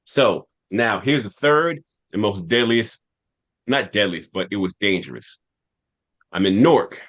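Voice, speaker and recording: A man on a podcast telling a long personal story in casual talk, animated, repeating phrases for emphasis. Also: lowish voice, a little slow. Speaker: podcast cast member.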